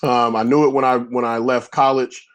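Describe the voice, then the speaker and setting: A middle-aged man, a former pro football player, telling loose, rambling stories in a casual podcast interview and acting out yelling coaches. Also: medium pitch, normal speed. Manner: animated storyteller, acts out coaches yelling; loose, rambling with many restarts.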